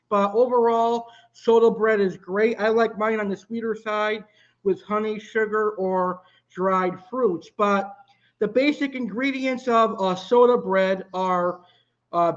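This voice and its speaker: A man's voice: high voice, muffled recording. A man hosting a live cooking stream, chatting casually and answering viewer comments. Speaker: live cooking show host.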